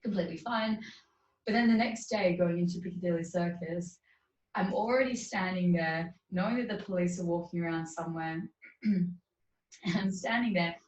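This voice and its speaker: A woman's voice: lowish voice, moderate pace, darkish tone, a little hiss or hum. A woman guest in an interview, earnestly retelling her experiences with quoted dialogue. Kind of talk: storytelling in conversation. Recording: dull roomy distant sound.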